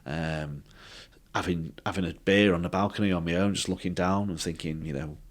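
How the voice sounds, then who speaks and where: Deep-voiced man. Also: steady tone. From England. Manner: halting, with many fillers and restarts. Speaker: podcast guest. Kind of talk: personal storytelling.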